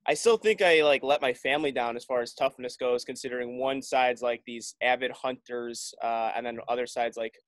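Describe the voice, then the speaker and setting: A man's voice: medium pitch, dry recording. A man talking in a loose, rambling way as a podcast guest, often restarting his sentences. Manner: rambling, restarts with many likes. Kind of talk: casual chat.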